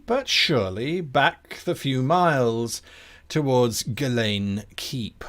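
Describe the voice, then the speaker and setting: A man running a tabletop game as game master, narrating in an unhurried way with the odd chuckle. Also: medium pitch, animated.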